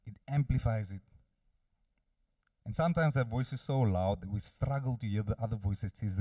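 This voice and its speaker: Low, mellow-voiced male preacher. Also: moderate pace, pauses often, no room sound, studio quality, far from the mic. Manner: earnest, direct address to listeners. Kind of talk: sermon.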